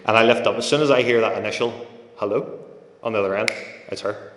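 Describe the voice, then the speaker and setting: A man delivers a sermon in a relaxed, conversational way, slipping into stories and acting out quoted voices. His voice sits low, and the church hall around him rings with a long, roomy echo. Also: fast, slight background noise. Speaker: preacher. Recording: echoey hall with long reverb.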